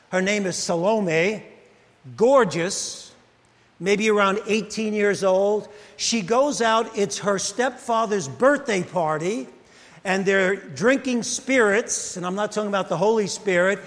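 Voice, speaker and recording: Storytelling male pastor, high voice, church hall with long reverb. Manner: animated storytelling, addresses congregation by name. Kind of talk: sermon. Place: church sanctuary.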